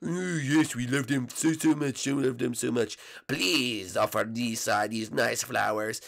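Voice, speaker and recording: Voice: mid-range voice, measured pace, gravelly, fairly bright tone. A performer voicing a clingy, eager young male fan who gushes and pleads in a game role-play video. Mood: fawning. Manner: pleading, gushing.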